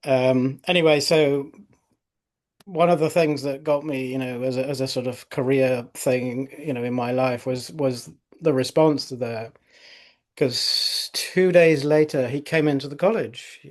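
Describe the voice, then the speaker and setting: A man's voice: medium pitch, fairly even intonation, a little slow. Rambling middle-aged male osteopath. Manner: rambling, many fillers and restarts. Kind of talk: interview anecdote.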